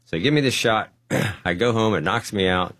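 A man telling his testimony as a guest, acting out the dialogue with animated energy. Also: fairly low pitch, normal speed. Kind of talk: testimony storytelling.

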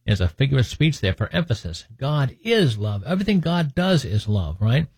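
A man's voice: mid-range voice, big pitch swings, a little fast, creaky, darkish tone, breathy edge, dry recording. A man teaching from the Bible in a conversational way, reading scripture aloud and adding joking asides. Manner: joking asides, laughs at his own points; reads scripture aloud, then comments on it.

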